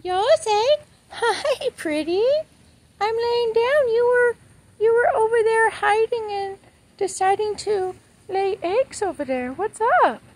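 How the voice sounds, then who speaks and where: A woman's voice: very high voice, slow pace, low-quality recording. A woman lying down outdoors on a small farm, talking to her pet chicken in cooing, sing-song baby talk, recorded on a handheld phone. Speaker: animal rescue farmer.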